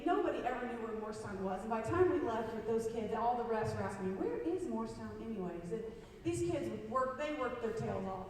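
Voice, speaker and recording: A Midwestern American woman coach speaks to a crowd in a school gym, her voice high and carried by a long, booming echo. She is recorded from far off, the sound spread wide across the hall. She tells her stories warmly, and her voice turns emotional now and then. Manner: warm storytelling, emotional, self-deprecating jokes. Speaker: girls basketball coach. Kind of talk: senior night speech to a gym crowd.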